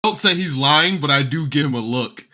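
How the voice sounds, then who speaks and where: A man's voice: a little high, expressive, normal speed, pushed and bright. A man playing a character in a tabletop game, laid-back and often laughing. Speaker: player.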